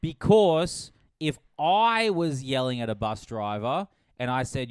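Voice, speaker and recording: Swearing, smooth-voiced man. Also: medium pitch, sing-song, unhurried, hardly any pauses, no room sound, studio quality. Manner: swearing, retelling with quoted voices. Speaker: podcast host. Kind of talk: casual chat.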